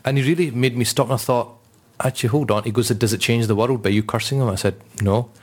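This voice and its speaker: A British Islamic scholar with a medium-pitched voice speaks at a quick pace on a panel. He tells personal anecdotes animatedly, acting out the voices of the people in them.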